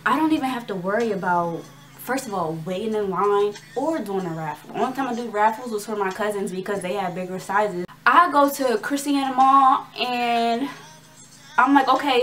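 A woman's voice: mid-range voice, fairly bright tone. A young woman vlogging, telling a story casually to the camera in a chatty, slangy way and acting out the dialogue with energy.

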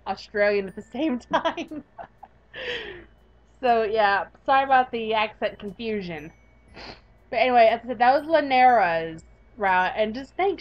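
A woman's voice: fairly high pitch, muffled recording. A young woman playing a visual novel, reading its narration aloud and chatting playfully. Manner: playful, giggly, expressive. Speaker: gaming YouTuber.

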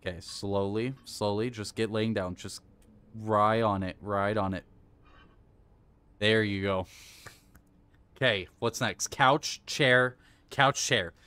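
A man's voice: fairly low pitch, slow, pauses often, clear, resonant tone. A man streaming live gameplay, talking himself through each move and flaring into swearing rage between laughs. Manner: excitable, swears and rages, coaches himself aloud.

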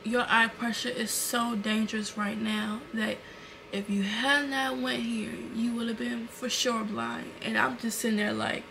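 A young woman vlogger retells an emotional story to camera, casual and animated with plenty of fillers. Her voice is a little high, unhurried, and creaky, recorded at home indoors on a camera mic with background noise.

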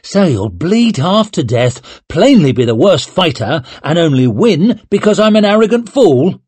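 Guy doing cocky teasing sparring buddy, high loud voice, dry. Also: sing-song, unhurried, slightly rough, heavily acted. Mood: mocking. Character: mocking young male swordsman, teasing friend.

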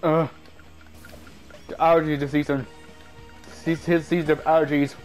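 A man giving casual gameplay commentary, excitable and yelping at every mishap, with a stuffy nose. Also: on the high side, normal speed, soft background music. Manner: excitable, yelps and shouts at mishaps. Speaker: gaming YouTuber.

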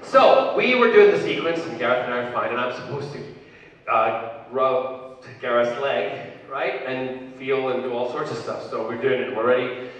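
Animated man telling a story in an echoey hall. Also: medium pitch, moderate pace. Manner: animated, acts out the other people's voices. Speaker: convention panel guest. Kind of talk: storytelling anecdote on stage. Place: large convention hall. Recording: echoey hall, distant mic, crowd.

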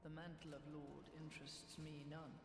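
An actor playing an eerie, frail young prince of a cursed royal line, soft and measured in a game cutscene. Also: male voice, a little high, little pitch movement, creaky, very noisy. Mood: solemn. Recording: game audio with loud music underneath.

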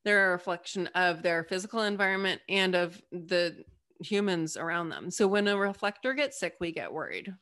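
A woman chatting as a podcast guest, animated and emphatic as she explains ideas and acts out little quoted voices. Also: on the low side, moderate pace. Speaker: podcast guest, Human Design reader. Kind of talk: casual podcast conversation.

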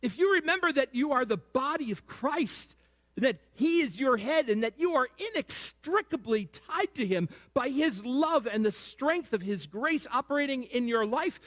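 A man's voice: very high-pitched, lively intonation, normal speed, fairly bright tone. A man pastor preaching a sermon. He asks the congregation questions over and over and prompts them to answer. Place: church sanctuary. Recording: long reverb of a church sanctuary.

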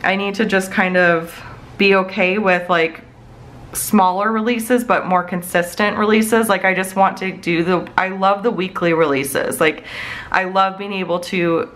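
A woman's voice: medium pitch, fairly even intonation, a little slow, fairly bright tone, rough recording. A woman in her thirties chatting casually in her home office while planning, rambling with many fillers. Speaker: planner vlogger. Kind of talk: casual chatty plan-with-me talk.

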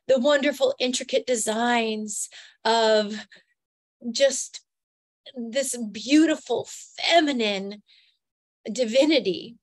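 A woman's voice: medium pitch, no room sound. A middle-aged woman hosting a podcast, earnestly and emotionally recounting a personal experience. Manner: emotional, earnest, animated storytelling. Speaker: podcast host.

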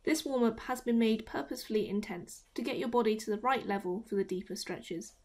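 A young woman from the United Kingdom giving a calm, clear voice-over that talks viewers through a timed warm-up and stretching routine. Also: on the high side, brisk, a little hiss or hum. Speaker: taekwondo stretching instructor. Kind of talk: instructional voice-over.

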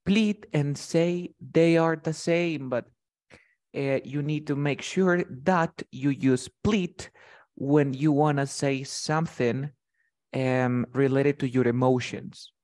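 Male English teacher, slow and patient, repeats points and checks comprehension. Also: fairly high pitch, darkish tone. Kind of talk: bilingual vocabulary lesson with a student.

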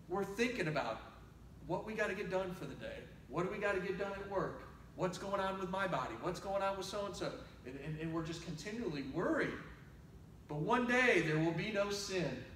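High-voiced man preaching in a roomy church. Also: a little hiss or hum. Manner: conversational preaching, swings between loud exhortation and quiet asides. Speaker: pastor. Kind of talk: sermon. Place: church sanctuary. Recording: roomy church sound from a distant mic.

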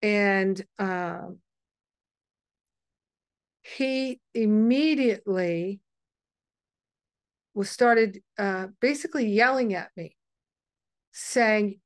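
Slow, gentle woman telling a story. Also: mid-range voice, clear, resonant tone, no echo, clean studio sound. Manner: meandering and gentle, with frequent pauses and restarts. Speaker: host of an online spiritual gathering. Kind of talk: personal storytelling to an online group.

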